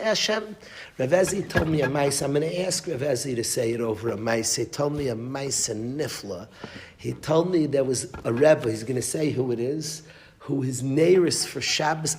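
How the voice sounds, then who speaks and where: A man giving a Torah class as a rabbi, emphatic, repeating phrases and restarting mid-sentence, with Yiddish and Hebrew terms. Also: medium pitch.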